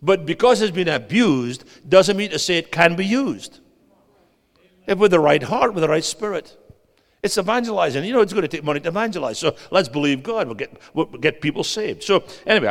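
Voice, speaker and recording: Man, guest preacher, sermon, swings from loud to hushed, asks the crowd questions, long reverb of a church hall. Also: fairly high pitch, lively intonation, fairly quick.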